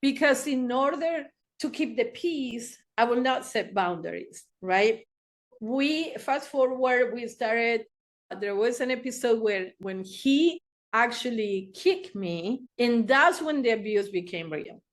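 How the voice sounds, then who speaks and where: A middle-aged woman, a therapist telling her own story in an interview, animated and acting out the voices she quotes. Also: a little high, takes it slowly. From Argentina. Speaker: therapist guest.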